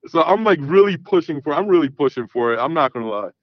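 A man's voice: on the high side, animated, fast talker, dry recording. A man telling a long personal story in casual, rambling talk, full of swearing and "I'm like" asides. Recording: dull lo-fi sound.

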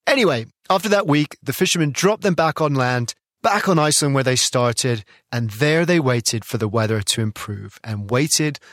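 A man's voice: medium pitch, lively intonation, normal speed, a bit bright, dry recording, clean studio sound. A man hosting and narrating, retelling the events with enthusiasm and plenty of expression. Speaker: host, narrator. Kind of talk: documentary narration with commentary.

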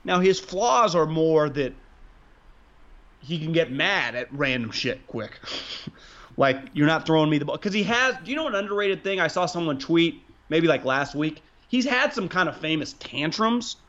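A man co-hosting a casual sports podcast, rambling, excitable and profane as he talks. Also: on the high side, measured pace, dull audio. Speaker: podcast co-host.

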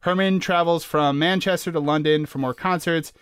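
A man's voice: a little high, fairly even intonation, moderate pace, a bit bright, smooth, dry recording, studio quality. An American man co-hosting a podcast, chatting casually in a jokey, rambling way and laughing often. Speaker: podcast co-host. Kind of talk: casual chat.

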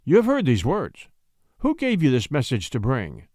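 A man's voice: a little high, sing-song, normal speed, no echo, clean studio sound, pitched above the performer's own voice. A man voicing a stern, harsh-voiced duke who is suspicious and zealous, giving clipped orders.

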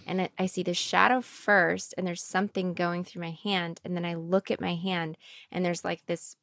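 A woman hosts a podcast, telling a spooky story in loose, casual chat. She acts out the lines of the people in her story, with plenty of "um" and "like" along the way. Her voice sits a little low and sounds dry and close. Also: moderate pace, gravelly, dry recording. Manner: animated storyteller, acts out quotes; many fillers, 'like' and 'um'. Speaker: podcast host.

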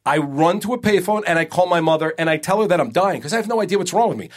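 A man in his forties telling a personal story in a casual podcast chat, animated and swearing. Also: sits high, quick pace, few pauses. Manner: animated, swears, acts out quotes.

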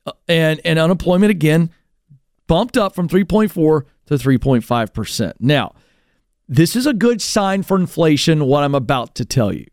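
Fired-up male talk show host, lively pitch. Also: normal speed, dry recording, clean studio sound. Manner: animated, mocking mimicry of others. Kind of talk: energetic talk radio commentary.

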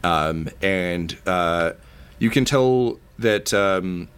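A man narrating as game master of a tabletop game, halting with many fillers and casual swearing. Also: deep voice, fairly bright tone, clear, resonant tone.

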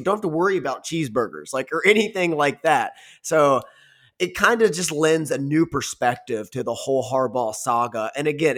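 A man co-hosting a sports podcast in casual talk, laid-back and agreeable, calling his partner "man" and "dude". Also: fairly high pitch.

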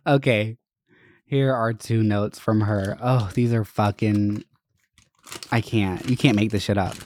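A man's voice: fairly low pitch, steady tone, unhurried, darkish tone, slight background noise. A young man telling personal stories in a casual, candid and profane way, rambling with lots of fillers. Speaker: vlogger. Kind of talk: casual storytelling to camera.

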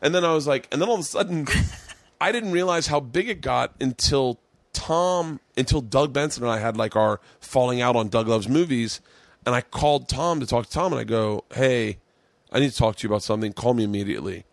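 A middle-aged man hosting a casual podcast, his voice sitting at an ordinary pitch in a dry, close room. He tells stories in a loud, animated way, laughs often and swears freely. He slips into other people's voices when he quotes them. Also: brisk, gravelly, no echo. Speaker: podcast host, comedian. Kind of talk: casual chat.

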